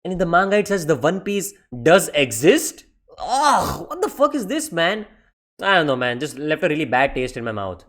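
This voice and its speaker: A man rants through a casual manga review in a slightly high voice, excitable and full of swearing. He says "man" at the end of almost every sentence and mocks characters in quick put-on voices.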